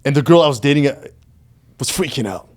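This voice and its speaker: A man's voice: mid-range voice, animated, fast talker. A man who is a guest on a casual podcast, telling his story animatedly with heavy profanity and calling the host "brother".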